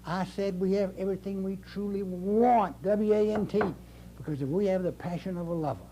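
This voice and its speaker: A man's voice: high voice, a little fast, warm tone, a little hiss or hum. An older man giving a folksy, emphatic motivational speech to a live audience, repeating his key phrases. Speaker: motivational speaker. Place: speaking to an audience in a room.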